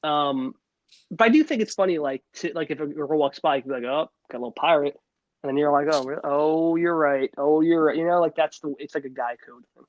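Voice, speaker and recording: A young man talks in quick bursts as a podcast co-host, tripping over restarts and fillers. His voice sits a little high, and the audio is dull and dry, like a lo-fi recording. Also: no room sound. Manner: rambling, many restarts and fillers. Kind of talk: casual chat.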